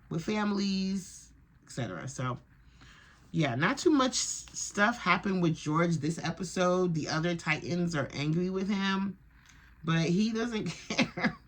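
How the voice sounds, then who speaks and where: A woman vlogger giving a casual, rambling and opinionated recap of a TV episode. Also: deep voice. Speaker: TV reaction vlogger.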